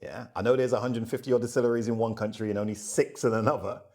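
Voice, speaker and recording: A middle-aged man, a rum ambassador, talking as a guest in a conversational interview, telling animated stories and laughing often. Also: medium pitch, fast. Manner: animated storyteller who acts out dialogue and laughs often.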